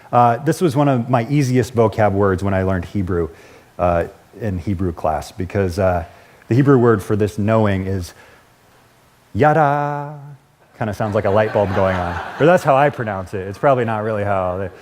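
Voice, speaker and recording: A man's voice: fairly low pitch, a little mellow. Chatty male pastor preaching. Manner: casual and conversational, with chuckles and self-corrections. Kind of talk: sermon.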